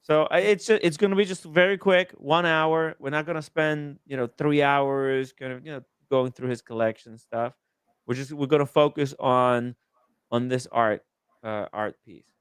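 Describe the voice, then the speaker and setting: A man's voice: mid-range voice, fairly even intonation, moderate pace, smooth, no echo, clean studio sound. A man hosting a casual live stream, joking and reading out viewer comments. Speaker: livestream host.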